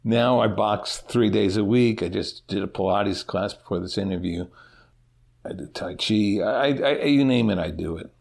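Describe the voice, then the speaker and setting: A middle-aged man giving a personal interview with a rough, gravelly edge and a husky, slightly breathy tone. He talks haltingly, starting over and repeating words as he goes. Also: lowish voice, a little mellow. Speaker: interview guest, teacher.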